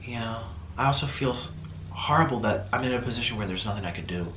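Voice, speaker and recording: A man talking straight to camera in a casual vlog, tearful and halting, with many pauses and fillers. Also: mid-range voice, pushed and bright, roomy sound, a little hiss or hum. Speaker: vlogger. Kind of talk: emotional casual vlog talk.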